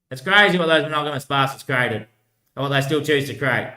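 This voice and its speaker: Pitched on the high side and a little fast, his sharp voice bounces in an echoey room. He's a vlogger on a wandering solo talk, repetitive, constantly using "mate" and "bloody hell," with plenty of laughter.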